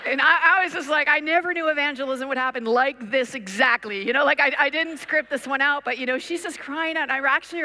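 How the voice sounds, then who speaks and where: A woman's voice: high-pitched, sharp tone. A woman preacher telling a story in a conference sermon, acting out the people she talks about. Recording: long reverb of a big hall.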